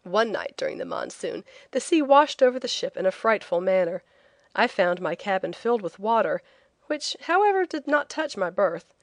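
A woman reading a travel memoir as an audiobook narrator, telling it in a clear, lively way. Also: medium pitch, normal speed, no room sound.

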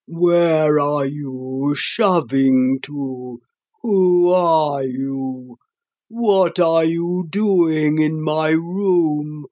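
A woman's voice: low-pitched, warm tone, exaggerated voice. A woman voicing a huge, lazy, sleepy male sloth creature in a storybook reading, drawling and slobbery. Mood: irritated. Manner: very slow, drowsy, demanding.

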